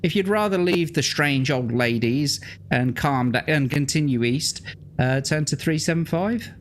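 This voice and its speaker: A man's voice: fairly high pitch, unhurried, slight background noise. A man hosting a gamebook play-through, reading the adventure aloud and chatting casually with a guest, with plenty of swearing and laughter. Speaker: host and gamebook narrator.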